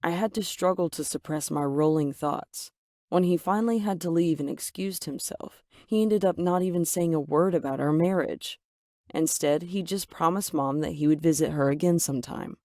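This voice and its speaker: A woman's voice: deep voice, normal speed, dark tone, no room sound. Woman narrating a story in a dry voice. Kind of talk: first-person story narration.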